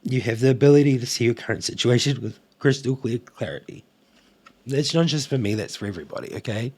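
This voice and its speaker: A man's voice: mid-range voice, quick pace, a little mellow, breathy edge, no echo. A man doing a casual oracle card reading to camera, emotional, laughing and sighing as he goes. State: emotional, coughing. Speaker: tarot card reader.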